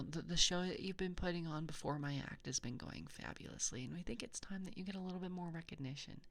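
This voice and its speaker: A woman's voice: sits low, vocal fry, fairly bright tone, heavily acted. A woman voicing a mock-proud female circus clown who praises a fellow act in a rambling, mock-earnest way, full of fillers. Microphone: binaural microphone.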